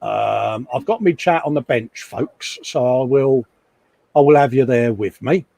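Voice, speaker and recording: A middle-aged man talks casually into a desk microphone, self-mocking and chatty, at an ordinary middle pitch. The sound is very dry and close. He rambles on with a relaxed ease. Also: unhurried, vocal fry, dry recording. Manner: chatty, self-mocking, frequent laughs and asides. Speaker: livestream host. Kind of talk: casual live chat while hobby modelling. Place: home hobby workshop.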